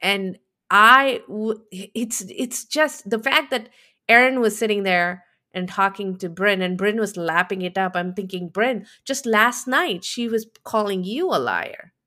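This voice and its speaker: A woman's voice: mid-range voice, unhurried, pushed and bright. A woman co-hosting a podcast in casual chat, reflective and explaining her points at length. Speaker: podcast co-host.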